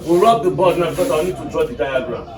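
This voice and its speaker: High-voiced male teacher in echoey classroom. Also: quick pace. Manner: repeats points, quizzes class with "what?" prompts. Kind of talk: classroom English lesson. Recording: echoey room from far off, music behind.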